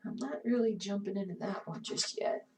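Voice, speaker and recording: A woman's voice: medium pitch, normal speed, darkish tone. Cross-stitch streamer, woman, mid-range voice, casual running chatter, heard from a little distance. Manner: chatty, talks to herself and chat while working. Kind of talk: casual live-stream chat while stitching.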